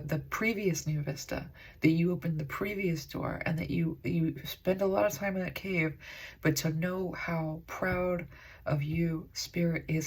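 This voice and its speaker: Gravelly, husky-voiced woman tarot reader. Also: low voice, darkish tone. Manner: rambling, filler-heavy, earnest. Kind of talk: spoken tarot reading.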